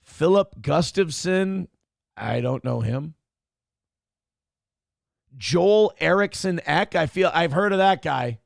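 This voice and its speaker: A man's voice: a little high, expressive, slow, gravelly, long pauses, dry recording, clean studio sound. A man hosting a morning show, chatting casually, rambling and swearing as he thinks aloud. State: a little out of breath. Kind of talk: casual live-stream chat.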